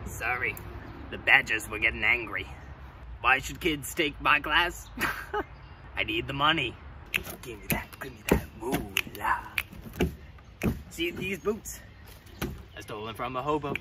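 A young man playing an eccentric, erratic scat-singing teacher in an improvised mockumentary, lurching between shouting and muttering. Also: medium pitch, animated, measured pace, pauses often, natural voice. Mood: manic. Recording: distant mic with background noise.

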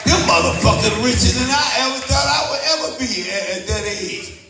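A middle-aged man doing a stand-up comedy set, telling stories loudly with shouting and heavy profanity. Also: very high voice, brisk, some chatter behind. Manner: loud, profane, animated storytelling with shouting. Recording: echoey room, distant mic, music.

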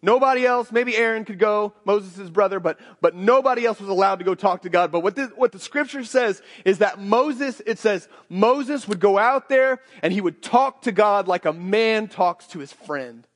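A man's voice: high voice, normal speed, few pauses. A man preaching a sermon in a conversational way, often repeating and restarting his words. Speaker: pastor. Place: church sanctuary. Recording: church hall with long reverb.

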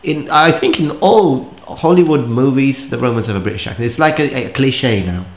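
A man's voice: mid-range voice, lively intonation, normal speed, roomy sound. A man chatting casually while playing a game, explaining things at length and laughing often. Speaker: co-player and commentator. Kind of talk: casual gaming chat.

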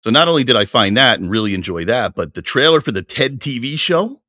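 Lively, bright-voiced male podcast host. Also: medium pitch, a little fast, dry recording, studio quality. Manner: animated, laughs easily, reads aloud from notes. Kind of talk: casual chat.

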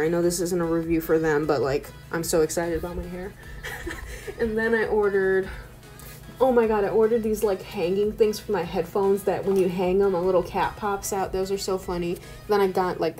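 A woman's voice: on the low side, fairly even intonation, moderate pace, mellow. A young woman in her twenties rambling in a casual voice-over at home, chatty and loose, with "like" in nearly every sentence. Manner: chatty, rambling, full of "like" fillers. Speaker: art YouTuber. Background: faint background music.

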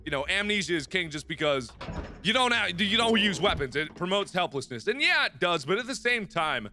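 A young man in his twenties narrates a horror game in casual, jokey let's play style. His voice is high and very bright, with lively swings in pitch, and he keeps up a steady stream of excitable remarks to himself. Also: a little fast, soft background music. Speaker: gaming video host.

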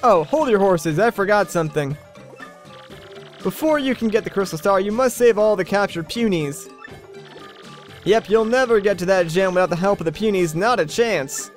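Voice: medium pitch, animated, moderate pace, soft background music, close to an everyday voice. A gamer voicing a grumpy, bossy old female tree-creature elder while reading a video game's dialogue aloud, in a scolding, impatient, folksy manner. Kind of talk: Let's Play dialogue reading.

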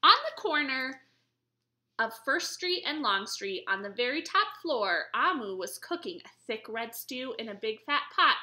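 An American woman librarian in her young adult years reading a story at baby storytime, sing-song and animated. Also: fairly high pitch, measured pace. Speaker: children's librarian. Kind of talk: baby storytime read-aloud.

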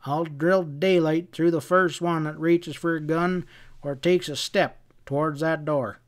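A steely frontier gunman played by a man speaks slowly and coldly, a little higher than a plain voice. Every word is drawn out and even, like a threat. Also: close to an everyday voice. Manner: slow, cold, drawn-out. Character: cold, steely male gunman holding a room.

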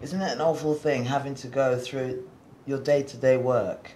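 A man's voice: medium pitch, steady tone, moderate pace, warm tone. A man interviewing a guest, talking conversationally and often ending on tag questions. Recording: roomy echo with faint noise.

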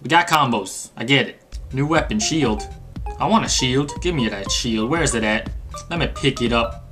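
An excitable man narrating a mobile game as he plays, his pitch leaping around and his tone bright and forceful. He reads the on-screen instructions with sarcastic asides and yelps in panic when things get hectic. Faint game music plays behind him. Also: moderate pace. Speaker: gaming channel host. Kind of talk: let's play game commentary.

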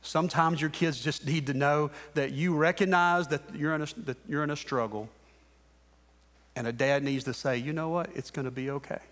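A man's voice: fairly high pitch, steady tone, normal speed, fairly bright tone. A man in his thirties delivers a sermon from the pulpit in an earnest, exhorting way. He drives his points home by repeating short phrases. His voice carries a long church reverb. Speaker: pastor. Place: church sanctuary.

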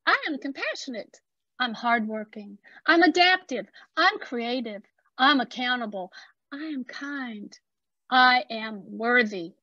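A woman with an Appalachian accent performing spoken-word poetry, slow and deliberate with dramatic pauses. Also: on the high side, lively intonation, bright, forceful tone, no room sound, muffled recording. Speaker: poet.

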